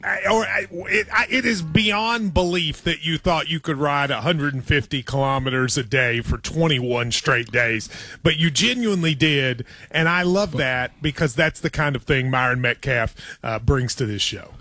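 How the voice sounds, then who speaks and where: A man's voice: a little high, normal speed, sharp tone. A man co-hosting a sports radio show, chatting eagerly and laughing easily with his partner. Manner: enthusiastic, laughs easily, reads sponsor copy.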